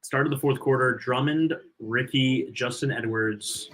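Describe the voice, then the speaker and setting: Bright-voiced man calling game updates. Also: mid-range voice, a little slow, slight background noise, low-quality recording. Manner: relays score updates, loose and chatty. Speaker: watch party co-host. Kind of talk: casual live game chat.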